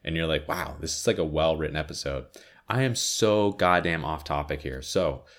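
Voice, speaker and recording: A man's voice: very deep voice, expressive, normal speed. A tired, sniffly man chatting casually about TV shows, rambling with lots of filler words and frequent swearing. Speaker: podcaster reviewing TV shows.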